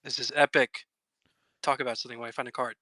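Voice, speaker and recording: A man co-hosting a casual podcast chat, eager and excitable, often restarting his sentences. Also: medium pitch, fast, no room sound. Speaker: podcast co-host.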